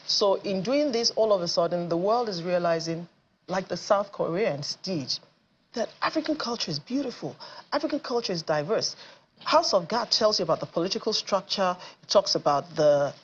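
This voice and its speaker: A woman's voice: lowish voice, lively intonation, moderate pace, dull audio, slight background noise. A woman producer being interviewed on TV, speaking confidently and emphatically about her work. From Nigeria. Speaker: theatre and film producer, guest. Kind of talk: studio interview.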